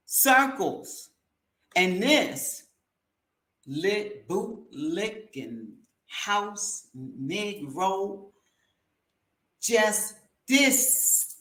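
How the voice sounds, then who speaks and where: A woman's voice: on the low side, fairly bright tone. A woman hosting a commentary show, giving a blunt, heated and slangy opinion monologue. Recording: echoey room.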